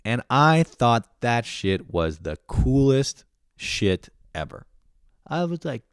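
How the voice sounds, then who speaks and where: A man's voice: medium pitch, sing-song, unhurried, gravelly, no echo, clean studio sound. A young man in a profane comedic rant, swearing constantly and sounding exasperated as he complains. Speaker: comedic vlogger.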